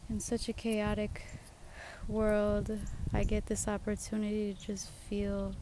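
A woman's voice: mid-range voice, completely flat delivery, unhurried, noisy background. A young woman hosting her own podcast, talking in a reflective, heartfelt way from a swing outdoors among trees. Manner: reflective and heartfelt, with soft laughs. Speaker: podcast host. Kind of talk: casual personal podcast monologue.

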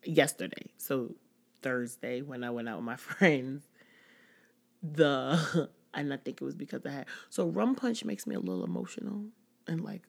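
A woman's voice: deep voice, normal speed, gravelly. A woman hosting a casual personal podcast, talking candidly and rambling with many "like"s. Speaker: podcast host.

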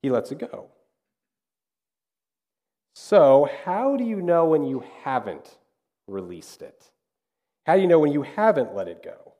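Mellow-voiced man preaching casually. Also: a little high, sing-song, a little slow, long pauses. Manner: conversational preaching with acted-out asides. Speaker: pastor. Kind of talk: sermon.

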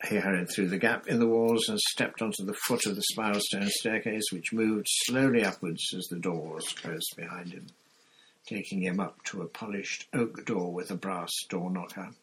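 A man narrating a novel as an audiobook reader, in an even storytelling delivery. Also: low-pitched, normal speed, a little hiss or hum, poor audio. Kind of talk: scripted narration.

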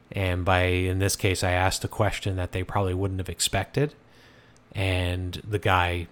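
A man hosting a show, telling a ghost story in a relaxed, conversational way with frequent fillers and restarts. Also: low voice. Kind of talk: casual storytelling.

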